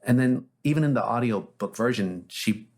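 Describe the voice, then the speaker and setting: A man's voice: medium pitch, expressive, normal speed, a little mellow. A man, a therapist, telling anecdotes as an interview guest in a casual, reflective way with frequent fillers.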